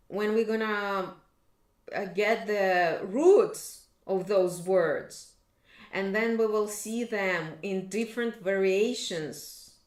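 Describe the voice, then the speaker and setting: A woman teaching an online language lesson, slowly and patiently reading words aloud for learners. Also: medium pitch, echoey room.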